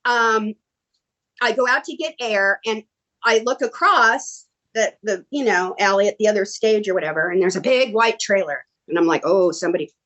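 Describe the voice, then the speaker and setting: A middle-aged woman telling stories in a casual interview, animated and excitable, acting out quoted dialogue. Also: medium pitch, moderate pace, muffled recording. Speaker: guest actress. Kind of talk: casual storytelling.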